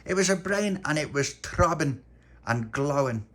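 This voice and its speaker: A man's voice: a little high, expressive, unhurried, a bit bright, pitched above the performer's own voice. A man voicing a timid, whiny young boy who wails and whimpers. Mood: whimpering.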